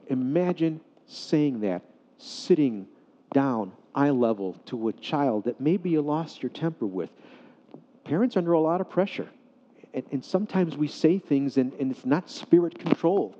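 Man preaching in a reverberant hall. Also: a little high. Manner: animated storyteller, swings from loud excitement to soft hushed tones. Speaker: pastor. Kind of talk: sermon storytelling. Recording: dull sound in a hall with long reverb.

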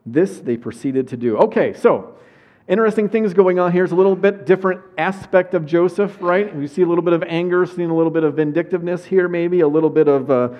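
A man preaching a sermon, opening with a prayer and then telling a Bible story in a lively way with asides, reading scripture aloud. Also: high-pitched, quick pace. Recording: dull lo-fi sound.

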